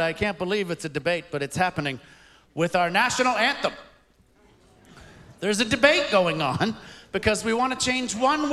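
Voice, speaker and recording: On stage at a live taping, a male stand-up comedian delivers a wry, punchy set, chuckling through his punchlines in a high, bright, forceful voice. The venue is echoey, with crowd noise, laughter and ambience behind him.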